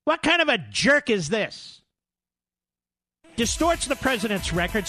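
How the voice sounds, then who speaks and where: A man's voice: very high-pitched, big pitch swings, unhurried, pushed and bright, soft background music. A man hosting a political talk radio show, combative and sarcastic, mocking his targets as he talks.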